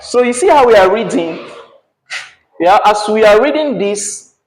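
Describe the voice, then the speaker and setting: Man, teacher, unhurried delivery, echoey classroom. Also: high-pitched. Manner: patient, checks in with frequent "yeah?" and "right?".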